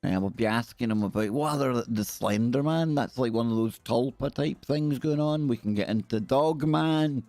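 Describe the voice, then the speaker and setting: A Scottish man rambles and jokes his way through a live stream in a mid-pitched voice. His voice is close and dry, with faint music running behind him. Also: normal speed, hardly any pauses, a little mellow, no echo. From Scotland. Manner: chatty, jokey, rambling. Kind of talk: casual live-stream chat.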